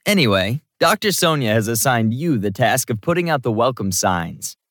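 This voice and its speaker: A man's voice: mid-range voice, sing-song, moderate pace, fairly bright tone, no room sound, studio quality. A man reading an audiobook, voicing a cheerful, playful young man who gives out tasks. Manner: cheerful, chatty.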